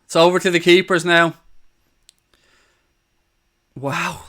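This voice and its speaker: A man hosting a live football watchalong, excitable, swearing and shouting over the action. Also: high-pitched, slow. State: out of breath. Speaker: watchalong host.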